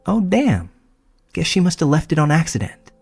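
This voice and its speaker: A man's voice: on the high side, very animated, moderate pace, vocal fry, a little mellow, breathy edge, faint music behind, pitched above the performer's own voice, heavily acted. A man voicing a creepy, giggling country woman who talks in an eerily cutesy way.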